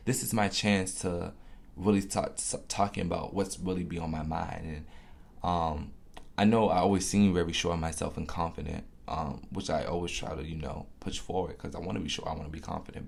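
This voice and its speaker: A man hosting his own podcast, talking in a candid, confessional way with casual swearing and soft, reflective asides. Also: low voice, creaky.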